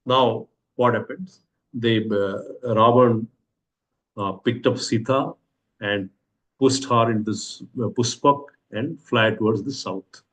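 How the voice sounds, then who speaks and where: A man's voice: lowish voice, slow pace, fairly bright tone. An Indian-accented man teaching a scripture class, retelling the story and asking "what happens" again and again with frequent hesitant fillers. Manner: repeats rhetorical questions, hesitant fillers.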